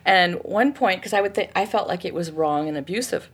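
A woman in her fifties, married thirty years, chatting casually and telling lively stories about her family, acting out the voices of the people she quotes. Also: fairly low pitch, brisk, husky. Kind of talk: casual conversation.

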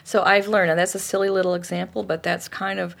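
A woman author being interviewed, teaching forgiveness in a lively, conversational way with frequent restarts. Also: fairly low pitch, fast, gravelly.

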